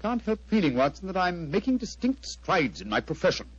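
A quick, wry Sherlock Holmes. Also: male voice, high-pitched, very animated. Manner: brisk, crisply deductive, wry. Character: sharp, wry male detective. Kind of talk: vintage radio drama acting. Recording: dull lo-fi old radio recording.

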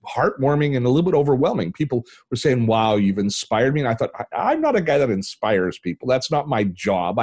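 An older man from Canada, a tech channel host telling a personal story as an interview guest, acting out the voices in his anecdotes. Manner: animated storyteller, acts out quoted dialogue with big pitch jumps.

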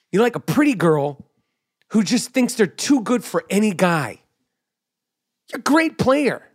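A middle-aged man with a high voice hosts a podcast and rants through a sports monologue. He sounds animated and emphatic, jumping up in pitch to punch his points. He talks into a studio microphone. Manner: animated, emphatic, drops to mock whisper. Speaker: podcast host. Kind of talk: energetic sports commentary monologue. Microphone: studio podcast mic.

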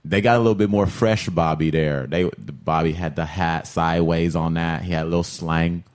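Male guest, very low voice, relaxed and slangy delivery. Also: moderate pace. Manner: laid-back, relaxed, slangy. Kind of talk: casual chat.

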